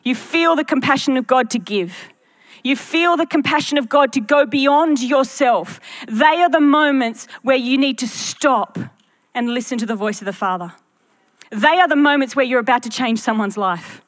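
A woman's voice: high voice, moderate pace. A woman pastor preaching a sermon to her church, earnest and full of rhetorical questions to the congregation.

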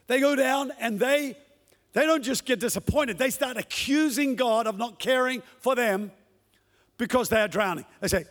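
An impassioned male pastor addresses his congregation in a church hall, performing the words he quotes. His very high, fairly bright voice has lively intonation, a measured pace, and long pauses, with a big-room sound.

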